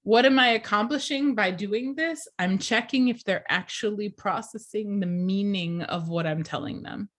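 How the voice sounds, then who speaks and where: Teacher trainer, female, mid-range voice: clear, deliberate lecturing that keeps quizzing the class. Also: mid-range voice.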